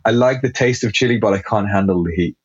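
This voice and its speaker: A man chatting as a guest on a podcast, animated and talkative, with lots of fillers and restarts. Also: fairly low pitch, quick pace, husky, no echo, highs cut off. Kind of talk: casual podcast chat.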